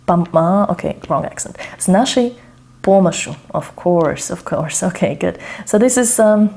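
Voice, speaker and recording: A woman's voice: on the low side, expressive, moderate pace, gravelly, a little mellow. A woman demonstrating her language study method, hesitant and self-checking, muttering to herself while she writes by hand. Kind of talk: casual think-aloud tutorial. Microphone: camera over her shoulder.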